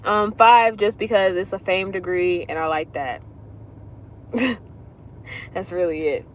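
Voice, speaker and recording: A woman's voice: medium pitch, slow pace, slight background noise. Rambling, chatty woman astrologer. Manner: rambling, loose and chatty, drifts in circles. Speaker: astrologer doing readings. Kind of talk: casual livestream chat answering viewer questions.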